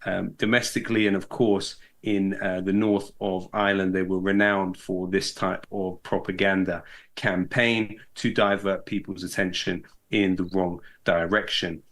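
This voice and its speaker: A man in the guest seat lays out political analysis in a measured, articulate way, his ums and uhs scattered through it. His voice sits fairly low. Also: little pitch movement, fairly bright tone. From Britain. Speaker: guest, hip-hop artist and podcast host.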